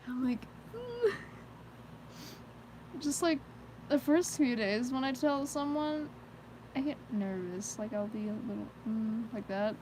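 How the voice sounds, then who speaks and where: Rambling woman streamer with a highish voice. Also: moderate pace, darkish tone, slight background noise, poor audio. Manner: rambling, heavy use of "like" fillers; nervous self-conscious laughter between thoughts. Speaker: live streamer. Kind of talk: casual live-stream chat.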